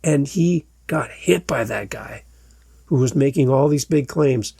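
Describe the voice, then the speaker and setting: A man hosting a podcast, telling a story in an animated way and acting out the quoted shouts. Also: medium pitch, unhurried, creaky, husky, no echo, clean studio sound. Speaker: podcast host. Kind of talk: storytelling monologue.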